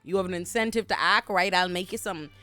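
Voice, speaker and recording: A woman's voice: fairly low pitch, fast, pushed and bright, soft background music. A woman voicing a brash queen who gives orders in slangy speech.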